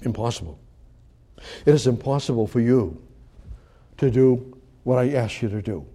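A man preaching a sermon who teaches conversationally, repeats his phrases, and swings from loud emphasis to quiet asides. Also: mid-range voice, lively intonation, normal speed, breathy edge.

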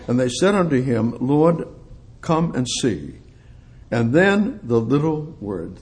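A man preaching an expository sermon, reading scripture aloud, loud and emphatic at times, then dropping low and quiet.

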